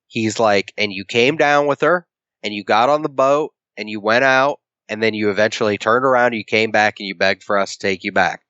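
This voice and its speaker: Man, fairly low voice, casual podcast co-host, long plot retelling, dull lo-fi sound. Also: normal speed, bright, forceful tone, dry recording. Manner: retells the plot at length, acting out the characters' lines, swears casually. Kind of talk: casual comic book review chat.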